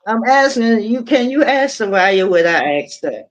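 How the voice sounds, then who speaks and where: A woman's voice: fairly high pitch, very animated, moderate pace, dull audio. A woman chatting on a live audio panel, protesting in a mock-offended way and drawing out her questions. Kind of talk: casual chat.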